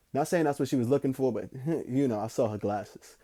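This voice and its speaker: Young male podcast host, low-key mellow tone, loose profane storyteller, drawls then gets hyped. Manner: loose, slangy and profane, swings between slow musing and excited bursts. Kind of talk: casual rambling storytelling.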